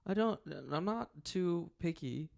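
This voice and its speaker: A man's voice: sits high, expressive, measured pace, creaky, darkish tone, clear, resonant tone. A man co-hosting a podcast, joking in a laid-back way and often restarting his sentences. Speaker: podcast co-host. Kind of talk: casual chat.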